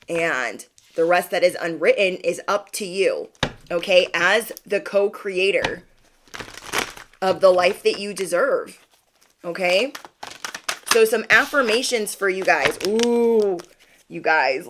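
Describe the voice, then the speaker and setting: A woman doing a livestream tarot card reading. She talks straight to her viewers, playful and encouraging, and keeps checking in with them. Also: fairly low pitch. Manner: chatty, playful, keeps asking "okay?". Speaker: tarot reader.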